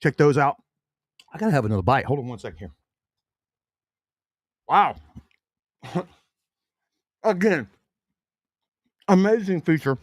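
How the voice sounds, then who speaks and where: A man's voice: a little high, big pitch swings, unhurried, long pauses, dry recording, studio quality. Chatty folksy man. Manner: chatty, folksy, many fillers and restarts. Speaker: podcast host. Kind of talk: casual sports podcast chat with sponsor reads.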